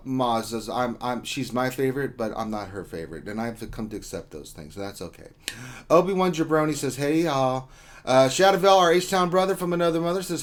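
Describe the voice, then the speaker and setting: A man hosting a casual gaming livestream, reading out chat greetings in a joking, rambling way with lots of fillers. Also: mid-range voice. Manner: joking, rambling, with many ums and uhs. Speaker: livestream host.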